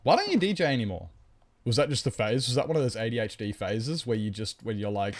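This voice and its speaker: A man's voice: fairly low pitch, quick pace, a little hiss or hum. Chatty male streamer. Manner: animated, rambling, greets chat, jokes about himself. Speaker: live streamer. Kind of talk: casual live-stream chat to viewers.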